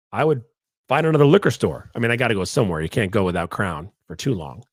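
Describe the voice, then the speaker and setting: A man hosting his podcast alone, swinging his pitch up and down as he rambles through jokey asides. The sound is close and dry, with no room around him. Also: animated, fast, slightly rough, no room sound. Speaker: podcast host. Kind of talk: casual monologue.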